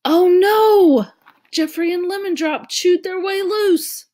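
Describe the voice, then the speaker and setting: A woman reading a storybook, voicing an excitable, curious nine-year-old boy who loves animals. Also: very high-pitched, slow pace, pitched above the performer's own voice. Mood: excited.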